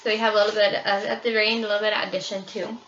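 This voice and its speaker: A woman's voice: mid-range voice, little pitch movement, rapid-fire, a bit bright, distant mic, slight background noise. A young woman casually presenting children's books, with frequent ums. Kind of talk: book review presentation. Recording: roomy, slightly dull recording.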